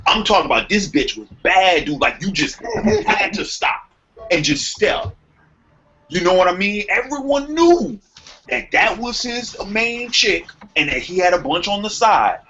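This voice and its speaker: Young man, podcast storyteller, profane, lively pitch, faint hiss. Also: unhurried. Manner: animated, profane, acts out quotes. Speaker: podcast co-host. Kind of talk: casual storytelling chat. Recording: muffled lo-fi sound with faint noise.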